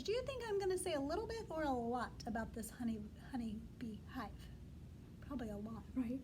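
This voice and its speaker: A woman teacher reading a storybook aloud to young children, animated and coaxing, asking them to repeat words after her. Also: sits high, moderate pace, a little hiss or hum.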